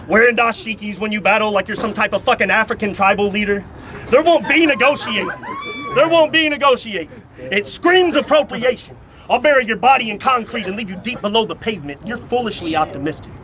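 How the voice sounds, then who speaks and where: A man rapping confrontational, dense multisyllabic verses as a battle rapper in a live rap battle. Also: high-pitched. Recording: noisy live recording.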